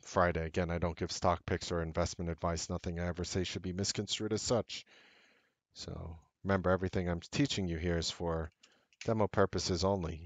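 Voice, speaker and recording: A man in a trading lesson talks through his charts and leans on repetition to drive each point home. His voice sits a little low. The mic is close and dry, with no room sound. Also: no echo. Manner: emphatic, repeats key points. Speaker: trading strategist. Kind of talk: screen-share trading lesson.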